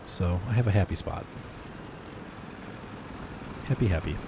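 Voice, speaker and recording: A man giving casual gameplay commentary in a relaxed, chuckling manner. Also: low-pitched, a little slow, noisy background. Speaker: game commentator.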